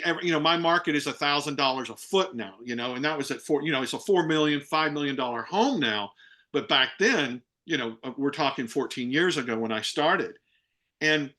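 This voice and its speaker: A man on a video call, telling a lively story and acting out the dialogue, with many restarts. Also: fairly high pitch. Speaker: guest speaker, real estate broker.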